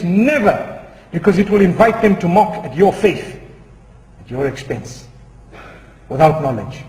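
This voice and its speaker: A man preaching a sermon, telling a humorous story in a measured, moralizing manner with occasional chuckles. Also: high voice, darkish tone. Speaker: Islamic preacher. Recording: echoey hall with faint noise.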